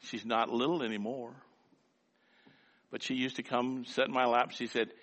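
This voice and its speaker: A man's voice: sits high, very animated, fairly quick, sharp tone, long reverb tail. An older man preaching a sermon in a folksy, rhythmic way, with lots of repetition. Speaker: pastor.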